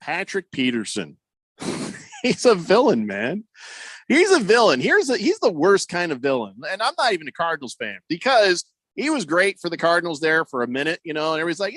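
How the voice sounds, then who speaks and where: A man's voice: high-pitched, big pitch swings, a little fast, fairly bright tone, no room sound. A man hosting a sports talk radio show, rambling and joking as he reads listener texts aloud. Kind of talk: casual call-in talk radio. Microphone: studio microphone.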